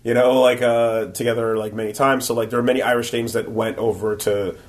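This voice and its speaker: Animated man telling convention stories. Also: brisk. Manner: animated storyteller, acts out quotes in a high voice. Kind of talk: casual chat.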